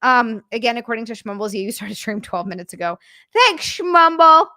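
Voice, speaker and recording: A woman chatting casually on her livestream, reading comments aloud in a rambling, halting way and swearing freely. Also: medium pitch, bright, forceful tone, no echo, studio quality.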